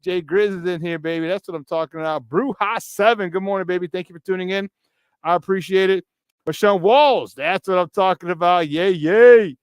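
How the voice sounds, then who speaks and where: A man with a Chicago accent, hosting a morning sports talk show in a hyped, playful way, shouting out to his viewers. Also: sits high, steady tone, brisk, clean tone, no echo.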